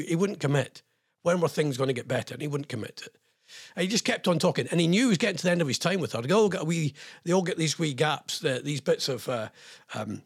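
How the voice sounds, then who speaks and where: A man with a slightly husky, fairly high voice rambles through the headlines with sarcastic asides. His pitch swings about a lot as he riffs. It sounds like a casual comic host chatting to his listeners. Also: no echo, studio quality. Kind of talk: casual comedic news commentary.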